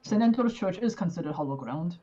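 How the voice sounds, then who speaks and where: A woman's voice: fairly low pitch, lively intonation, a little fast, warm tone. Woman playing a regal old male priest. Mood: reassuring. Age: 70s. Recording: dull lo-fi audio.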